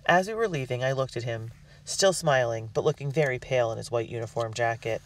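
A man narrating a storybook in the first person with an earnest, expressive delivery. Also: mid-range voice, a little fast. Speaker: audiobook reader. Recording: dry, distant mic.

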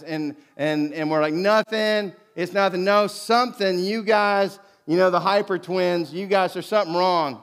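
High-pitched middle-aged guy preaching, tells stories and acts out the voices. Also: moderate pace, few pauses. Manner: storytelling, animated, acts out quoted voices. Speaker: pastor. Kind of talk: sermon.

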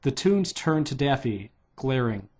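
A man's voice: medium pitch, very animated, unhurried, a little mellow. A man reading a children's novelization aloud in a loose, unpolished way, stopping to redo lines. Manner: loose, unpolished delivery with restarts and "take two" retakes. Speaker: reader.

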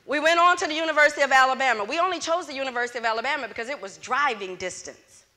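Her voice high-pitched and her pace very fast, a middle-aged woman from Louisiana gives a motivational talk to students as the event's closing speaker. She tells her story with energy, performing the dialogue, and the hall echoes.

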